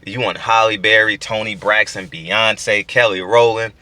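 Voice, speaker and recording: A man's voice: on the low side, steady tone, a little slow, sharp tone, no room sound. A man in his forties hosting a boxing channel, talking in a casual, profane, emphatic monologue with stammered restarts.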